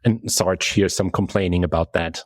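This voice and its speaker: A man with a low voice runs a tabletop game as game master. He narrates haltingly, stopping and restarting often. The sound is dry and close. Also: fairly even intonation, no echo. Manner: halting, with frequent restarts and fillers.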